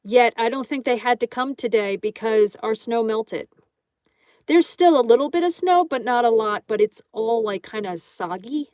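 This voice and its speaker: A woman's voice: on the high side, lively intonation, moderate pace, darkish tone, no echo, clean studio sound. A woman hosting a casual livestream, chatting and greeting viewers by name while she draws. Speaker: livestream host. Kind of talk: casual chat reading viewer comments aloud.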